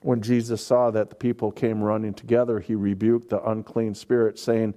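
A man's voice: mid-range voice, fairly even intonation, moderate pace, few pauses, dark tone. A man preaching a sermon, explaining scripture and pressing points home with emphatic, repeated words. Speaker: pastor.

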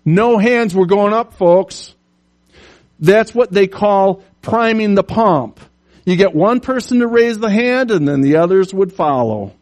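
A man preaching a sermon, animated, telling stories and putting on voices for the characters in them. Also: high-pitched, a little slow. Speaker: pastor.

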